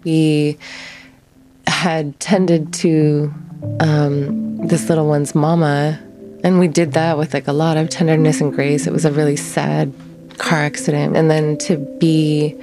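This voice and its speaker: A woman telling her own story in an interview, reflective and halting, often pausing to find her words. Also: low-pitched. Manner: reflective, halting, soft-spoken. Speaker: interviewee, former prison firefighter. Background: soft music.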